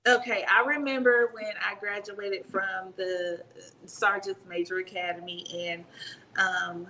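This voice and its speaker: A woman in her fifties, a retired Army sergeant major, telling stories in a casual interview, animated and laughing as she talks. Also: mid-range voice, unhurried, slight background noise, rough recording.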